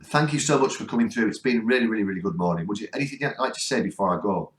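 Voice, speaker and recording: Northern english guy on a ghost hunt, lowish voice, begging spirits to talk, roomy echo. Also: expressive, racing. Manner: coaxing, earnest, keeps pleading for replies. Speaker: ghost hunting vlogger. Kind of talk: spirit box session, talking to spirits. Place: cold spot on a ghost hunt.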